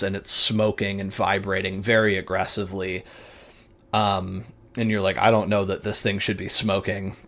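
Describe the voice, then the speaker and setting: A man runs a tabletop game, narrating in a relaxed, profane, vivid way. His voice sits low and he takes his time. He fills the pauses with ums and uhs. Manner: casual, vivid and profane, with many fillers. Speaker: game master.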